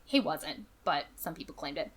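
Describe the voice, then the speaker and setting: A woman's voice: sits low, lively intonation, moderate pace, a bit bright. A woman co-hosts a casual podcast and tells a history story in a chatty, easygoing way. Her talk is full of fillers and asides. She reads quoted passages aloud in the same voice. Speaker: podcast co-host.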